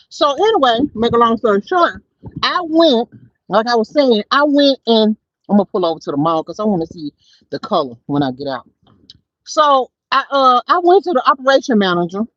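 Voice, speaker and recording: A woman hosting a casual livestream from her car, chatting and telling stories to viewers in an animated way. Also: sits high, dry recording, dull audio. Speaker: livestream host. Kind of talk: casual livestream chat while driving. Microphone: phone.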